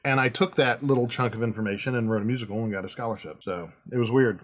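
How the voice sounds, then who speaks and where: Middle-aged male host, mid pitch, rambly and emphatic, talking shop. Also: fast, hardly any pauses. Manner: rambling, emphatic, lots of fillers. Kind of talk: casual chat.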